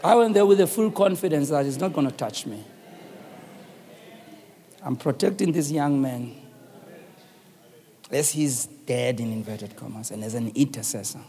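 A man preaching a sermon in a South African accent, telling a story and then rising into fervent shouted calls to the congregation. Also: mid-range voice, unhurried, pauses often. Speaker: pastor. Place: church.

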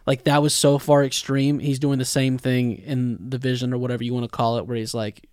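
A man's voice: medium pitch, flat delivery, brisk, few pauses, a little mellow, smooth, dry recording, studio quality. A young man co-hosting a podcast, joking around while recapping an anime episode. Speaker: podcast co-host. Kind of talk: casual recap chat.

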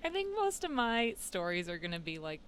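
A woman's voice: lowish voice, sing-song, fairly quick, a bit bright, slight background noise. A woman co-hosting a podcast, chatting casually and joking with a slight lisp. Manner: joking, laughs often. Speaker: podcast co-host. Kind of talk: casual chat.

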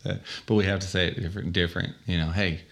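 A man's voice: sits low, steady tone, fast talker, gravelly. A man co-hosting a casual faith podcast who reads scripture aloud and drops dry, joking asides. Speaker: podcast co-host.

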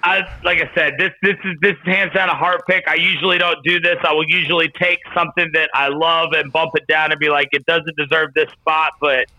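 Bright-voiced man talking casually. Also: on the high side, level tone, brisk, few pauses, rough recording. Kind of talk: casual chat.

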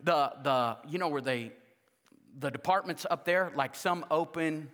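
A man's voice: fairly high pitch, measured pace, in a large hall. A man preaching a humorous sermon as pastor, joking and acting out quoted dialogue. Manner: jokey, animated, acts out quoted dialogue. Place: church sanctuary.

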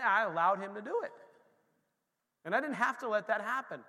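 A man preaching a sermon in a lively, conversational way, moving between quiet asides and emphatic points. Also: very high-pitched, a little fast. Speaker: pastor. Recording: long hall reverb.

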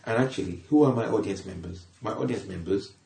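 A middle-aged British man talks through his comedy career in a relaxed interview. His voice sits very low with a gravelly fry, and he often repeats words while he gathers his thoughts. The recording has a roomy echo. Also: fast talker, a little hiss or hum. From Britain, born in Liverpool. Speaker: comedian guest. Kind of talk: casual conversational interview.

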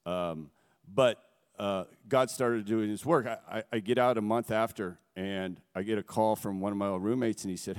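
A middle-aged man with a low, smooth, resonant voice tells his story in an earnest, halting way. His words ring out through a big hall, trailing a long echo behind them. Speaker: guest speaker. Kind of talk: personal testimony. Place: on a stage before a gathering.

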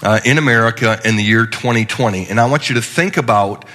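A man's voice: medium pitch, fast talker, pushed and bright. A middle-aged male pastor giving a conversational, joking sermon with frequent restarts.

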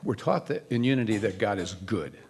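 A man's voice: fairly low pitch, expressive, a little fast, a little mellow, husky. A male minister preaching a sermon in a conversational way, often asking the congregation questions. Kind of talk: church sermon.

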